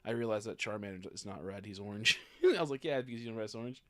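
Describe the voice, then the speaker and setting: A young man streaming a video game in casual chat, swearing a lot and swinging from low mumbles to loud frustrated outbursts. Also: quick pace. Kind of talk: casual gaming livestream chat.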